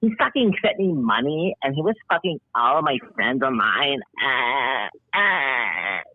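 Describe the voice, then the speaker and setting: A woman calling in on the phone, putting on a growly, husky voice and swearing in halting bursts. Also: extremely low pitch, very animated, dry recording, exaggerated voice. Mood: accusing. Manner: profane, halting. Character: foul-mouthed growly-voiced female caller. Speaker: prank caller. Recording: dry tinny phone line.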